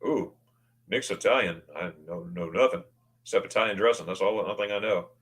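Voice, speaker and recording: A man hosting a casual livestream, greeting viewers by name and reading their comments, excitable and often stammering as he restarts his words. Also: low voice, fairly quick. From United States. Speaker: livestream host.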